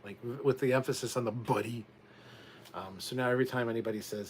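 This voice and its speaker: A man with a mid-range voice and fairly even intonation hosts a casual livestream at a brisk pace, reading viewer comments aloud and wandering into chatty asides with the occasional swear word. There's slight background noise.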